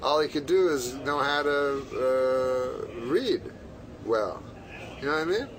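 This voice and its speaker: A man guesting on a radio talk show, talking in a deadpan, rambling way. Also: medium pitch, takes it slowly, low-quality recording. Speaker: comedian guest.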